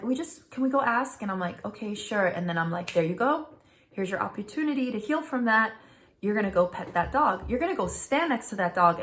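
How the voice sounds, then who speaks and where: A woman's voice: medium pitch, fairly bright tone. A middle-aged woman telling personal stories in a chatty, earnest vlog, addressing viewers directly as "you guys". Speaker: spiritual influencer, vlogger. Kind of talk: casual direct-to-camera storytelling.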